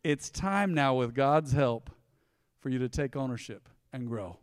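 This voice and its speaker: A man in his forties preaching a sermon as pastor, swinging from emphatic loud passages to hushed, tender ones. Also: mid-range voice, lively intonation, measured pace, smooth, no echo, clean studio sound, big-room sound. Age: 40s. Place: church sanctuary.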